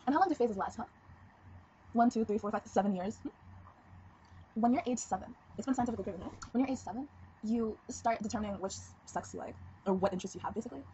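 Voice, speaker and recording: A seventeen-year-old girl vlogger talks frankly and quickly in a casual confessional video, rambling and giggling. Her voice is on the high side with a dark tone, and the webcam audio is dull and lo-fi with faint noise.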